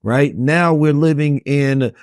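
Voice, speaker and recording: A man's voice: fairly high pitch, no echo, studio quality. A man hosting a conversation, speaking in long musing stretches and often checking in with "right?". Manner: repeats "right?" often, fast musing delivery. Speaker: host. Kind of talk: casual conversational talk.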